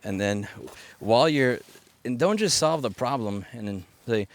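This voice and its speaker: A man's voice: mid-range voice, expressive, normal speed. A man talking off the cuff into a headset mic outdoors while picking up litter, blunt and ranting, with sarcastic asides. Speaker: repair activist vlogger. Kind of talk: off-the-cuff monologue. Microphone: headset microphone.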